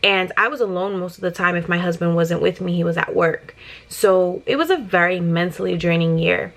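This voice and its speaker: A young woman from New Jersey, a mother vlogging to her viewers in a casual, emotional and excited way. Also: fairly low pitch, brisk, creaky, low-quality recording. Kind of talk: casual personal vlog.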